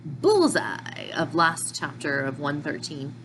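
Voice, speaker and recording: A woman recapping manga chapters in a chatty, excitable tone, sometimes tripping over her words and restarting. Her voice sits on the low side for a woman. A faint hiss runs under the recording. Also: slow. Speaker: manga reviewer. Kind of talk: casual recap.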